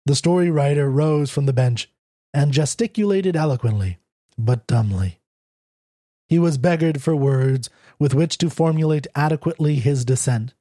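A man narrating a classic short story in a measured, low tone. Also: dark tone, dry recording, clean studio sound. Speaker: audiobook narrator.

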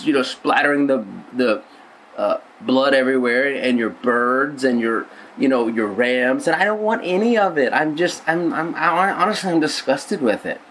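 A man's voice: mid-range voice, a bit bright, a little hiss or hum, pitched above the performer's own voice, rough recording. A man voicing God as a fed-up, scolding deity in a sermon. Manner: exasperated, scolding. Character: exasperated God, fed-up stern male deity.

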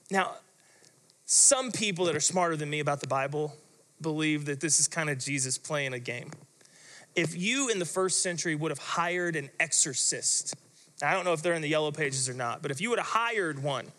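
A man's voice: a little high, moderate pace, sharp tone, in a large hall. A man preaching a sermon as pastor, telling the story in a dramatic, vivid way.

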